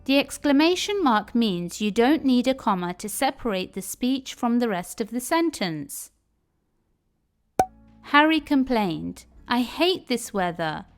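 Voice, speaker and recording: Female teacher, scripted lesson, careful and unhurried delivery. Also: a little high, sing-song, soft background music. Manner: clear, careful explanation. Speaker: English teacher.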